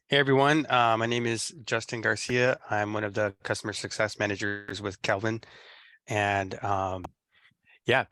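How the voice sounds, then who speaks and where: A man's voice: fairly low pitch, bright, forceful tone, no room sound. A man working as a customer success manager, introducing himself briefly on a video call. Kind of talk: casual webinar talk.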